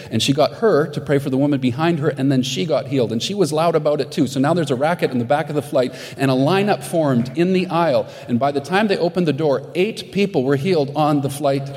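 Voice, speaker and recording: Pastor preaching in a reverberant hall. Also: male voice, fairly high pitch, fast talker, few pauses, a little mellow. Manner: earnest storytelling preacher. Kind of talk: sermon.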